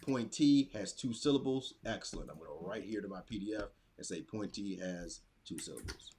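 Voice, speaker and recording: A man with a fairly low voice walks other teachers through a lesson activity. He talks casually and thinks aloud as he clicks through his screen. Faint clicking is heard along the way. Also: animated, fairly quick, darkish tone, slight background noise. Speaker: teacher presenter. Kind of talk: instructional webinar demo.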